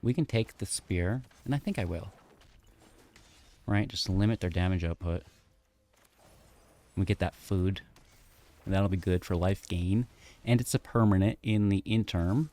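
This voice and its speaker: Lower-pitched man chatting through card gameplay. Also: unhurried, long pauses, mellow. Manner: upbeat, chatty, thinks aloud while playing. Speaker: gaming content creator. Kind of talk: card game deck guide and gameplay commentary.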